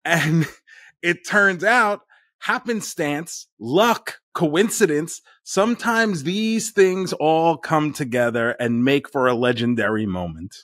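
A man telling a story in casual chat as a podcast guest, deadpan and often laughing. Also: on the high side, takes it slowly, dry recording, clean studio sound.

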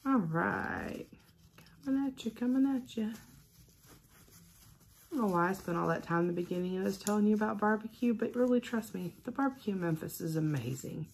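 A middle-aged woman chatting casually to her camera at home. She gushes and gets excitable, talking in a chatty, easy way. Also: medium pitch, quick pace, creaky, hardly any pauses, slight background noise. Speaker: stitching vlogger. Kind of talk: casual unboxing chat. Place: at home with a cat.

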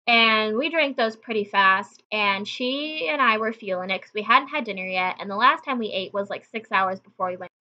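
A woman's voice: medium pitch, normal speed, few pauses, muffled recording. A young woman hosting her own channel, telling a story in a casual, chatty way straight to her viewers. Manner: chatty, conversational, addresses viewers directly. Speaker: channel host.

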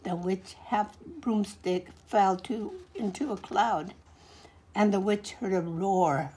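A woman in her forties reading a picture book aloud to a child, gently stopping to point things out and ask questions. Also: mid-range voice, slow pace. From California, USA. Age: 40s.

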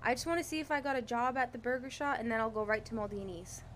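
A chatty woman with a fairly high voice, rambling cheerfully through game role-play. Her talk is loose and casual, full of quick back-and-forth. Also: fairly bright tone, a little hiss or hum. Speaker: streamer.

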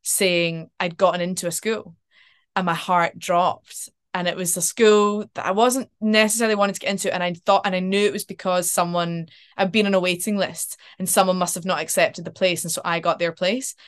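An actress chatting as a podcast guest, animated and storytelling, with casual swearing. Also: female voice, on the low side, brisk. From Scotland. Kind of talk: casual interview chat.

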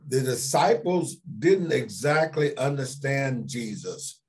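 A man pastor teaching a church Sunday school class, unhurried, repeating key words for emphasis and putting questions to the class. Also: mid-range voice, expressive, a little mellow, breathy edge.

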